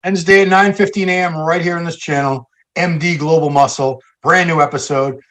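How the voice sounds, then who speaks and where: A man's voice: fairly high pitch, steady tone, brisk, fairly bright tone. An American man hosting a casual podcast, chatting in an upbeat, talkative way. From United States. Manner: upbeat, chatty sign-off patter. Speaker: host.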